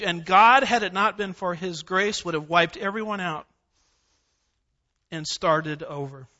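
Bright, high-voiced emphatic male preacher. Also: muffled recording. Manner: emphatic preaching with repetition and scripture references. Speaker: pastor. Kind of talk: verse-by-verse sermon. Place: church sanctuary.

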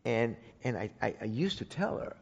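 A Bible teacher delivers a sermon to his congregation as a personal story, his medium-pitched, creaky voice very animated at a normal speed. He speaks conversationally, often restarting and repeating words. The recording is dull with long hall reverb and a little hiss or hum.

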